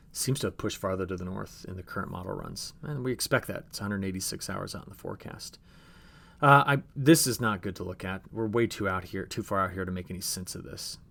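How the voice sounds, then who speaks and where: A man's voice: low-pitched, gravelly, fairly bright tone, a little hiss or hum. A man giving a chatty agricultural weather briefing over forecast maps, talking straight to viewers and often restarting his phrases.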